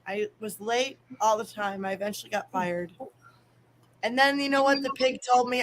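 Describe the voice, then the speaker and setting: A woman from the Chicago area chats loosely on a live stream panel, swearing freely and breaking into laughs. Her voice sits fairly high. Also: moderate pace, slight background noise, low-quality recording. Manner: chatty, swearing, laughs often. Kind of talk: casual livestream chat.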